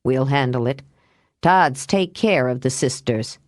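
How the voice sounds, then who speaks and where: A woman voicing a gruff, protective man who speaks tersely. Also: rumbling low, a little slow, dry recording, clean studio sound, voice pushed down. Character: protective man, deputy brother, gruff and steady.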